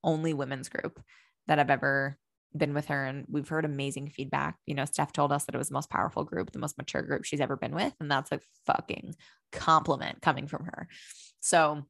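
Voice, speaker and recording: A woman's voice: sits low, fairly even intonation, fairly quick, gravelly, a bit bright, no echo, studio quality. A young woman talking candidly and with animation, swearing casually as she tells a personal story and acts out her own thoughts.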